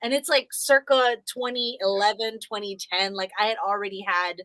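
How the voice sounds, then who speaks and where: A woman's voice: mid-range voice, normal speed, no room sound, low-quality recording. A woman in her thirties co-hosting a casual chat, telling a story and acting out the people in it. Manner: animated, acts out quotes in other voices. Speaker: co-host.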